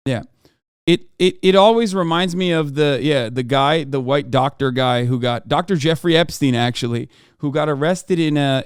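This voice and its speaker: A man's voice: mid-range voice, smooth, no room sound, studio quality. A man streaming and reacting to the news, in casual political commentary that rambles, full of swearing and sarcasm.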